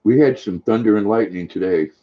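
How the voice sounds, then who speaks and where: A man's voice: lowish voice, fairly quick, muffled recording. An older man hosting a casual live stream, chatting affectionately and talking sweetly to his dog.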